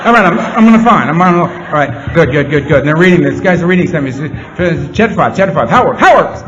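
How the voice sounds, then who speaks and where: Animated man speaking to a meeting. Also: fairly high pitch. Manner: animated, rapid-fire repetition; earnest, heartfelt. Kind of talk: speech to a live audience. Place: meeting room before an audience. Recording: slightly muffled, faint room hum.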